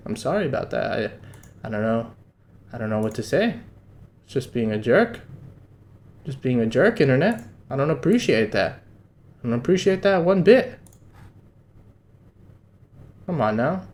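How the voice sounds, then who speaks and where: A young man streaming a live read-along of a manga, excitable and slangy, jumping between loud outbursts and quiet muttering. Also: medium pitch.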